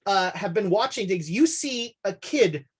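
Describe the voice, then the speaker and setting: A woman running a tabletop horror game as game master, narrating in a relaxed, halting way with many fillers. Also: mid-range voice, husky.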